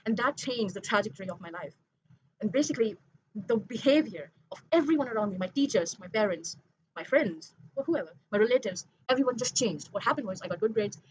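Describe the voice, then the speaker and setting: A woman's voice: medium pitch, lively intonation, brisk, a little hiss or hum, low-quality recording. A young woman in a late-night confessional vlog monologue, rambling, correcting herself and earnest. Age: young adult. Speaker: vlogger.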